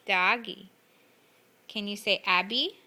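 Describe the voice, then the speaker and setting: A woman's voice: mid-range voice, slow pace, pushed and bright. A mother at home talking to her toddler in a coaxing, sing-song voice. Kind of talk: casual talk to a toddler. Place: at home indoors.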